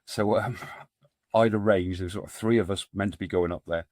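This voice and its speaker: A middle-aged man, a podcast guest who founded a men's support group, tells stories in a loose, rambling way, full of fillers and false starts. His voice is low and a little mellow, with a steady tone and moderate pace. The recording is studio quality with no room sound.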